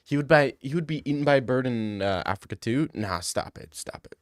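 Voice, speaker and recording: A man's voice: medium pitch, lively intonation, fairly quick, dry recording, clean studio sound. A young man from Canada streaming live, reading chat aloud and answering it with sarcastic, laughing banter.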